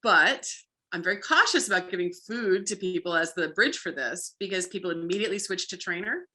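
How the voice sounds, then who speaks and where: Bright-voiced woman explaining dog play. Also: lowish voice, fairly quick. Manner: lively, acts out playful bits with frequent "like". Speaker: dog trainer guest. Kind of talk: casual conversational explaining.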